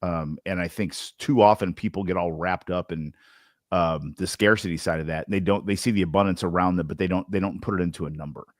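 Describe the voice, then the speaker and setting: Low-voiced, loose-talking podcast host man. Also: fast talker, no echo, studio quality. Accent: Southern Indiana. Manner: loose, animated, with slang and many restarts. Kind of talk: casual sales podcast chat.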